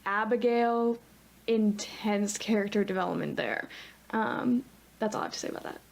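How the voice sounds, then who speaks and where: A woman's voice: medium pitch, lively intonation, moderate pace, creaky. A young woman co-hosting a podcast in easygoing, rambling casual chat. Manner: easygoing, laughs often, rambling. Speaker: podcast co-host.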